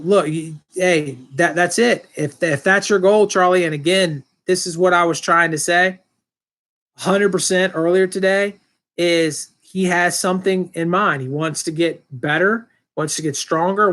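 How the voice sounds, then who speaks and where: A man's voice: on the high side, fairly bright tone. A man hosting his own live stream, reading viewer comments and answering them in a loose, rambling way with many fillers and restarts. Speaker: channel host answering live chat. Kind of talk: casual live-stream chat.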